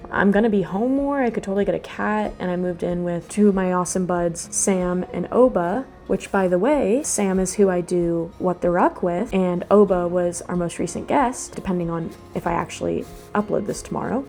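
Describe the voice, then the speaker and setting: Brief: young woman vlog host, casual rambling chat, mid-pitched, soft music bed underneath. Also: a little fast, vocal fry. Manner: rambling, chatty, with sudden self-talk asides. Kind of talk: casual chat while doing a craft.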